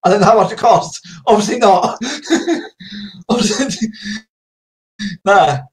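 A man's voice: high-pitched, takes it slowly. A man with a Suffolk accent chatting with strangers on a video call, teasing and laughing often, repeating his greetings in a mock police tone. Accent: Suffolk English. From Suffolk, England. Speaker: YouTuber on video chat. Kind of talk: playful video chat with strangers.

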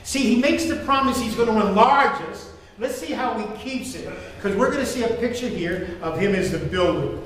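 An older man preaching a sermon as pastor, joking and animated. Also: sits high, normal speed, few pauses, a little hiss or hum. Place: church sanctuary. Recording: echoey church hall from far off.

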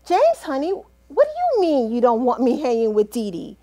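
A woman performing a one-woman comedy skit, playing out one-sided conversations in an animated, sassy, dramatic way. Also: high-pitched, moderate pace.

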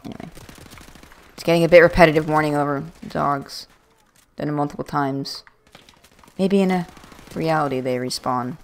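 A woman's voice: sits low, steady tone, normal speed, pauses often. A woman giving chatty, rambling let's-play commentary with self-mocking jokes, into a USB desk microphone. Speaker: gaming video creator.

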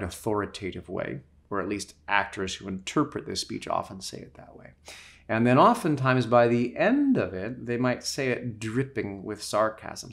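Gravelly-voiced guy teaching public speaking, punches key words, middle-aged. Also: lowish voice. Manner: emphatic, shifting stress and loudness. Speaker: communication trainer. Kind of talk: instructional talk.

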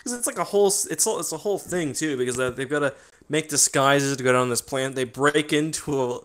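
Young guy hosting a podcast, bright voice, laughs a lot, goofy and loose. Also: a little high, fast talker. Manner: laughs often, loose and joking. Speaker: podcast host. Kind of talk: casual podcast chat.

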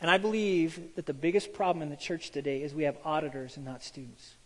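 A pastor with a slightly high voice preaches at a quick pace in a large hall. He tells his stories with animation, imitating the voices of the people involved.

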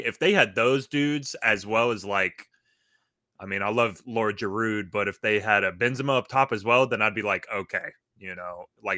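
A man's voice: lowish voice, bright, forceful tone, dry recording, clean studio sound. A man with an American accent chatting casually about football, a little hesitant and loose in his phrasing. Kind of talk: casual sports chat.

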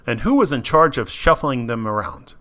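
A man's voice: big pitch swings, normal speed, fairly bright tone. A man narrating a video essay, reading deposition testimony aloud and speaking every part himself. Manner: reads every part himself, mostly plain, with small lifts in pitch for quoted lines. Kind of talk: reading a legal transcript aloud.

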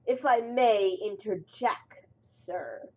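A woman's voice: on the low side, expressive, breathy edge, exaggerated voice. A woman voicing a scheming male diesel engine with an oily, snarling voice, in a storybook tale. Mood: smirking. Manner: smirking, slow, sinister.

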